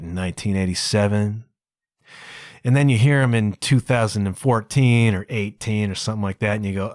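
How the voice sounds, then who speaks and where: A man's voice: lowish voice, dry recording, studio quality. A man hosting his own podcast as a solo monologue, chatty and full of asides. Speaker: podcast host.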